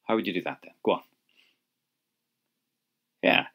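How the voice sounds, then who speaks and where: A man's voice: deep voice, unhurried, pushed and bright, breathy edge. A man teaching an audio language lesson, patiently prompting the listener to answer.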